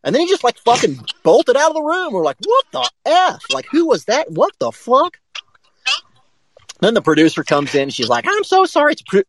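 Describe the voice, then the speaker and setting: A man co-hosting a live sports talk show, telling a rambling, profane story in a casual, animated way. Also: fairly high pitch, slight background noise, rough recording.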